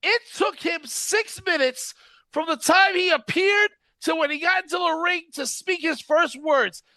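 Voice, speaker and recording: A man hosting a casual chat show, ranting and exasperated, with frequent laughs. His voice sits very high and sounds sharp and bright. The recording is dry and close. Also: measured pace, no room sound. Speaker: podcast host.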